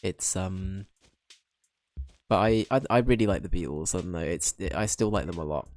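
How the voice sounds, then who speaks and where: A man's voice: low voice, moderate pace, a little mellow, no room sound, soft background music. A young man chatting casually while streaming a game. He rambles, restarts his sentences and laughs often.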